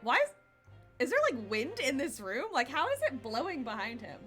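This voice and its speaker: A woman's voice: high voice, very animated, normal speed, a bit bright, soft background music. A woman streamer giving casual, chatty commentary while playing a game, giggly and self-deprecating.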